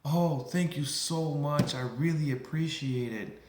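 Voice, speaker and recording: A man voicing an irritated, stressed woman customer who complains in a rushed, exasperated way, in a roomy space. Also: medium pitch, animated, noisy background, lightly acted. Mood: relieved. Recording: roomy echo.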